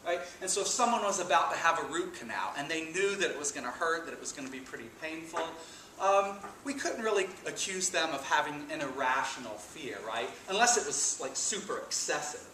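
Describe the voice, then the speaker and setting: A philosophy lecturer opens an introductory lecture with a personal anecdote, telling it with animated emphasis in a bright, forward, fairly high voice at a brisk pace. He is off-mic in an echoey lecture room, with faint background noise.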